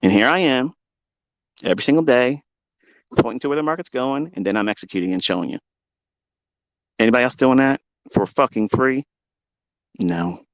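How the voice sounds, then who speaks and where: A man's voice: mid-range voice, expressive, moderate pace, long pauses, dry recording. Man, trading teacher on a livestream; swears constantly, boastful and combative, dry close sound. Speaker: trading educator. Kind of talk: livestream rant.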